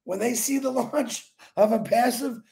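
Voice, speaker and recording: High gravelly man hosting a live stream. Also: a little slow, a little mellow. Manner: chatty, laughs often, greets viewers by name; emphatic, repeats his points. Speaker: livestream host. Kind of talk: casual live stream talk.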